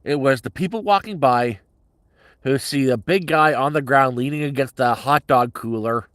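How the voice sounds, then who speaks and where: A man's voice: mid-range voice, moderate pace, a bit bright, no room sound. A middle-aged man telling a story on a casual livestream in a blunt, heavily profane, agitated way.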